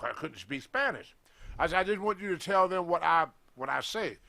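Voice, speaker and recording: An older man with a notably high-pitched voice tells a wrestling story in a lively, animated way. He acts out the voices of the people he quotes and speaks in loose, colloquial grammar. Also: normal speed, gravelly. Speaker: former pro wrestler telling a story.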